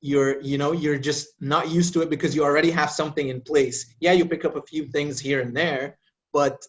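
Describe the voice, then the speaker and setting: A man in his late twenties, a native Arabic speaker, chatting as a podcast guest in a relaxed, easygoing way. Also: on the high side, a little fast. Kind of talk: casual chat.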